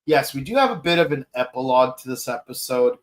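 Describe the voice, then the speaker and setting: Excitable man gushing in a review. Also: medium pitch, fast talker. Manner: excitable, gushing, many "like" fillers and exclamations. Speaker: podcast host reviewing an episode. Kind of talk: excited solo review talk.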